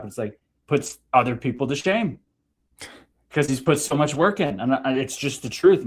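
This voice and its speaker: A man's voice: mid-range voice, darkish tone. Reflective man musing on ego. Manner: reflective, spiritual talk, swears casually. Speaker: podcast host. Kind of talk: casual conversation.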